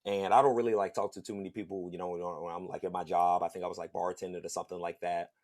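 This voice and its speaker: A man hosting a podcast, telling a personal story in a casual, slangy, animated way and laughing along the way. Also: deep voice, quick pace. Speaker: podcast host.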